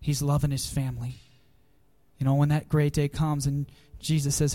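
Emotional guy pastor, slightly high voice, choking up, nervous laughs. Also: flat delivery, moderate pace, mellow. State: choked up with emotion. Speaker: youth pastor. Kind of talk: heartfelt farewell tribute. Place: church gathering.

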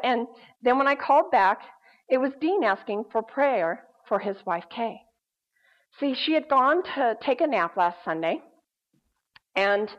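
A woman pastor with a slightly hoarse voice, preaching in a chatty storytelling way with many fillers. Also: fairly high pitch. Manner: conversational, emphatic, with many fillers. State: hoarse, recovering voice. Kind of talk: sermon with storytelling. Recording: dull lo-fi recording.

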